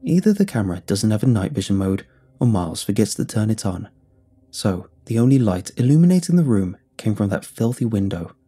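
Male horror narrator, husky low voice, very expressive melody, measured delivery. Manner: measured, deliberate storytelling. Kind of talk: scripted horror story narration. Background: faint music.

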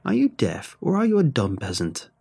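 A man voicing a cruel old hag woman who creaks and rasps, mock-gentle and cackling. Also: medium pitch, wildly swooping pitch, normal speed, soft background music, exaggerated voice. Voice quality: creaking, rasping.

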